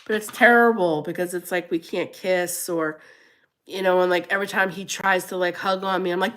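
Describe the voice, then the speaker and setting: A middle-aged woman hosting a casual livestream chat, animated and laughing often, going high and squealy when she quotes herself. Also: normal speed. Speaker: livestream host.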